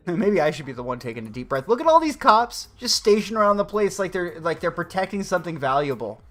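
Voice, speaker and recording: A fairly high-voiced man hosting a live stream, sarcastic and exasperated, with plenty of swearing. Faint music runs quietly behind him. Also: very animated, a little fast. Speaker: livestream host. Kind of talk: profane political rant on a live stream.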